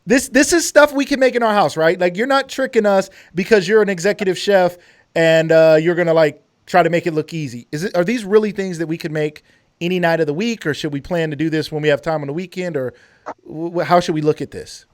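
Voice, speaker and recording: A man's voice: high voice, fairly quick. A man hosting a live cooking stream, joking, teasing and quizzing his chef guest. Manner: playful, joking, excitable. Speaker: host.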